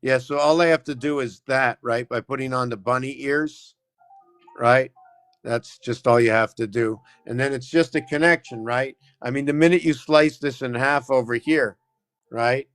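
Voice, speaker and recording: A man's voice: medium pitch, steady tone, moderate pace, fairly bright tone, no echo, soft background music. A man hosting a live stream, explaining numbers and letter shapes in a loose, rambling way and constantly checking in with "right?". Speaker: livestream host. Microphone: phone camera.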